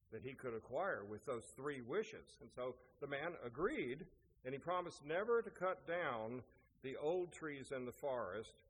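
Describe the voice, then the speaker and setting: A man's voice: mid-range voice, fairly bright tone, husky. A man preaching a sermon as pastor, telling a story and asking rhetorical questions. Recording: echoey hall, faint noise.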